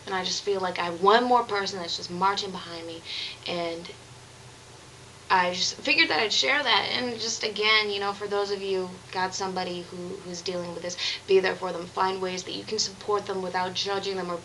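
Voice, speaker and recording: A young woman talks straight to her camera in a candid, earnest vlog, circling back and restarting as she goes. Her voice is bright and clear, with a faint hum of room ambience behind her. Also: mid-range voice, steady tone, brisk, low-quality recording. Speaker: vlogger. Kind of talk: confessional vlog monologue.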